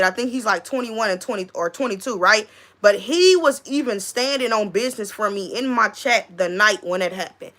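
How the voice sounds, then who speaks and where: A woman hosting a casual livestream, reading chat comments aloud in slangy, animated talk and laughing often. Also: mid-range voice. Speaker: livestream host; school staff member.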